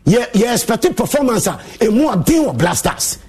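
A man's voice: very high-pitched, big pitch swings, moderate pace, few pauses, darkish tone, slightly rough. A Ghanaian man, a sports pundit, angrily scolding and insulting his listeners in a heated monologue.

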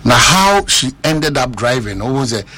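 A man hosting a casual radio chat, animated and mixing languages as he talks. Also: measured pace, husky. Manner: animated, switching between languages, breaks into high laughing cries.

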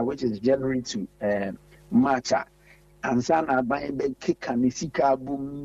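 A gravelly-voiced man speaks over a dull, muffled phone line, held a little away from the mouth. He is a politician on a radio call-in who talks haltingly and fills pauses with sounds. The line is dry, with no room around it. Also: mid-range voice, darkish tone, dry recording, far from the mic. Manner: halting, many filler sounds, lists places at length. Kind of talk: phone interview.

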